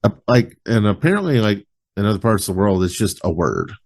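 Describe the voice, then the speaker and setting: A man hosting a podcast in casual chat, relaxed and rambling, filling his talk with "like", over a video call webcam. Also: lowish voice, a little fast.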